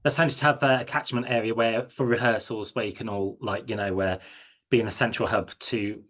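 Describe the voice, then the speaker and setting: A man's voice: fairly low pitch, fairly even intonation, fairly quick, fairly bright tone. Hesitant male radio host. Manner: hesitant, many fillers. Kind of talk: radio interview.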